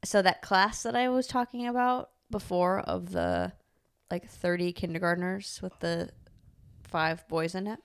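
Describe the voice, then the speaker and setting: A young woman co-hosting a podcast, telling a story in animated casual chat, full of "like" and laughter. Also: lowish voice, unhurried, clean tone. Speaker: podcast co-host.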